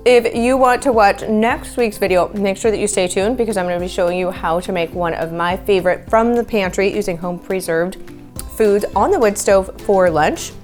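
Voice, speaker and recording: A woman's voice: mid-range voice, unhurried, pauses often, soft background music. A woman hosting a homesteading channel, chatting directly to the viewer as she walks through a wood stove cooking demonstration. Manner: chatty, talks straight to the viewer.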